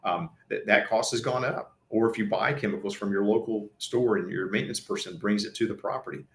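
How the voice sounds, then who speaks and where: Man, low voice, earnest conversational seminar presenter, echoey room. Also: brisk, fairly bright tone. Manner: earnest, conversational, frequent restarts and fillers. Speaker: pool service company presenter. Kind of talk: educational seminar talk.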